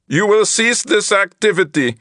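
Casting note: a man putting on an alien guard speaking through a translator, flat and emotionless, pitched well above the narrator's own deep voice, dry and close. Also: moderate pace, dry recording. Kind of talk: audiobook character voice.

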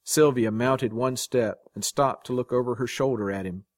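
Dry, measured male story narrator. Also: mid-range voice, no room sound. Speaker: story reader. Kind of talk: scripted narration.

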